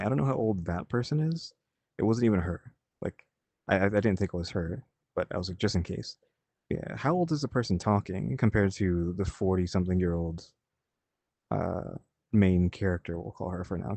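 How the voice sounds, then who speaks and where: A man's voice: deep voice, fairly quick, creaky, a little mellow, no room sound. A man reacting in casual chat, thinking aloud and puzzled, asking questions.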